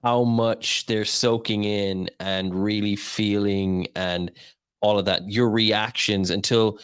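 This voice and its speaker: A man's voice: lowish voice, fairly even intonation, slow, a bit bright, clean tone, dry recording, studio quality. A man hosting a casual interview, rambling with many fillers and short laughs as he talks. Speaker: interview host.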